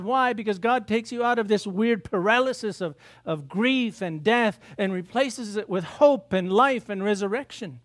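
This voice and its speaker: A male pastor delivers a sermon in a fairly high voice. He talks to his congregation casually, tossing out rhetorical questions and breaking into little acted bits of biblical dialogue.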